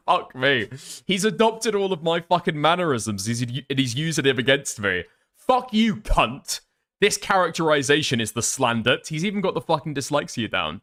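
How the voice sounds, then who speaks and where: Man, lively pitch, rambling, foul-mouthed stream chatter. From northern England. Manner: rambling, sweary, laughs often. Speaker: live streamer. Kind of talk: casual live stream chat.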